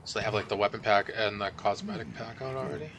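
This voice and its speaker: A man's voice: lowish voice, quick pace, vocal fry, a bit bright, slight background noise. A man streaming a co-op game, chatting casually and rambling with lots of fillers. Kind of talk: casual gameplay chat. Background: game music.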